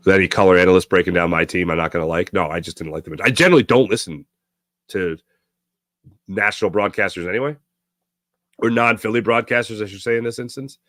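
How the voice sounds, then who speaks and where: A low-sitting, slightly bright male voice comes through a dry, studio-quality recording. He hosts a sports talk show in a casual live-stream chat, ranting sarcastically and reading out viewer comments.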